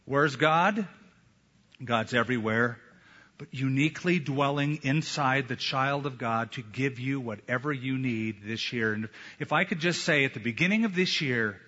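A man preaching a sermon as a pastor, emphatic, with slow deliberate pauses. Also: mid-range voice, sharp tone. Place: church sanctuary. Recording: echoey hall, dull lo-fi sound.

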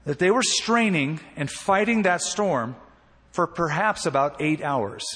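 A male pastor preaching a sermon in a church sanctuary, telling the story in an animated way with emphatic swings and quieter asides. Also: a little high, a little slow, husky. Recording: reverberant church hall.

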